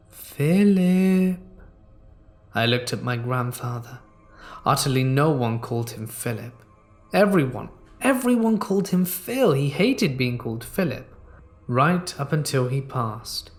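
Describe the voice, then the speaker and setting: Slow hushed male horror narrator. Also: mid-range voice. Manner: measured, hushed, suspenseful.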